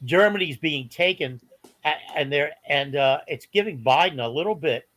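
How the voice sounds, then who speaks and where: A man chatting on a political podcast, halting and incredulous as he talks. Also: a little high, expressive, fairly bright tone. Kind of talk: casual political chat.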